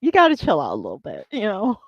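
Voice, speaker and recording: A woman's voice: medium pitch, a little fast, creaky, breathy edge, no room sound, muffled recording. A woman hosting a writing livestream, chatting casually and laughing often. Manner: giggly, animated, laughs often. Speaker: livestream host.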